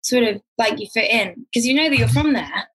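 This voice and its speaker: A woman's voice: a little high, lively intonation, fairly quick, a bit bright, husky. A woman actor who grew up in Glasgow and now sounds English, chatting casually in an interview, laughing often and trailing off into restarts. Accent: English, neutral. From Scotland, grew up in Glasgow. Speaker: actor, guest.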